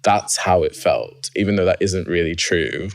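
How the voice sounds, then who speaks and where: A man telling his personal story as an interview guest, reflective and quick to laugh. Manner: reflective, laughs often, rises high when excited.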